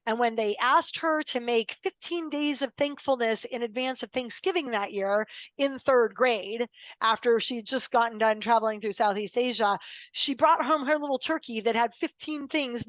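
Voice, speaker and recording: A woman's voice: fairly high pitch, normal speed, no room sound, low-quality recording. An American woman in her fifties, a guest telling personal stories in an interview, emphatic and dramatic, acting out the quotes. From United States. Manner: emphatic, dramatic storyteller who acts out quotes. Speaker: podcast guest, lawyer.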